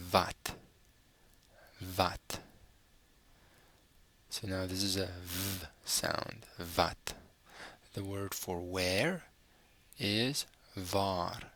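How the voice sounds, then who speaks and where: A man teaching a recorded language lesson, patiently saying each word and repeating it slowly. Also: fairly low pitch, sharp tone. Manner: patient, spells out words slowly and repeats them.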